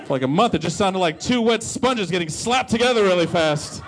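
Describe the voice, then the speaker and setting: A man's voice: high-pitched, expressive, brisk, some chatter behind, slight background noise. A man doing a crude, playful stand-up comedy set. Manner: crude, playful, swooping delivery.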